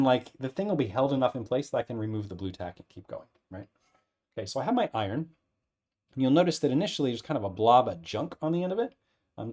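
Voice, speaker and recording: Casting note: male instructor at a workbench, casual and unhurried, mid-pitched everyday voice, talks through each step as he does it. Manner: relaxed, thinking aloud, frequent "right?" checks. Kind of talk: casual hands-on demonstration. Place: workbench with an air filter running.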